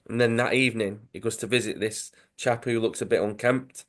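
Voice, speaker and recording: A man's voice: on the low side, fairly even intonation, brisk, few pauses. A man co-hosting a podcast, retelling a comic story in an enthusiastic, chatty way. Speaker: podcast co-host. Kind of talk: casual chat, retelling a comic.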